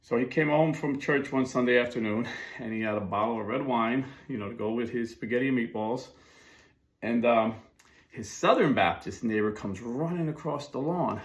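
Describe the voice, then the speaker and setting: A man's voice: mid-range voice, normal speed. A middle-aged man giving a casual monologue as a Catholic commentator, chatty with fillers and asides.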